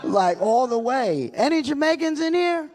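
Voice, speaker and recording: Young male stand-up, high-pitched and bouncy, loud bursts, club stage mic. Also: moderate pace, some chatter behind. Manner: animated storytelling with loud bursts. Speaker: stand-up comedian. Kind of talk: stand-up comedy set.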